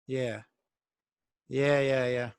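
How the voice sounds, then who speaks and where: A man hosting a casual interview, reflective and quick with short affirmations. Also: medium pitch, steady tone, clean tone, dry recording. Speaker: podcast host.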